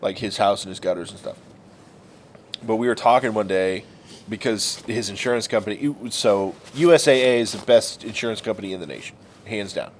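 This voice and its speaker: A podcast co-host recounts stories from his youth in a casual chat, getting loud and animated when he acts out other people. His voice is lowish and a little fast, with a little hiss or hum in the recording.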